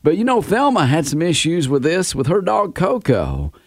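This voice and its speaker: A man hosts a radio morning show, chatting casually with his co-host. His voice runs a little high and moves around a lot. The studio sound is dry. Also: wildly swooping pitch, moderate pace, no echo. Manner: easygoing, chatty.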